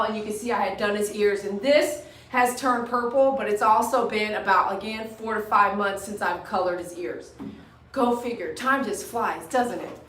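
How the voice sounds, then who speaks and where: A woman with a high voice talks through a casual grooming tutorial as a dog groomer. She chats freely and coaxes her dog with short commands. The sound is roomy and comes from a mic set some way off. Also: fairly bright tone. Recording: roomy echo, mic at a distance.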